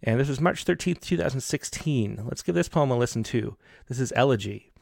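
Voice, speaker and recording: A man hosting a poetry show, introducing poems in a relaxed, halting way with many fillers. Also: medium pitch, gravelly, dry recording, studio quality. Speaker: podcast host.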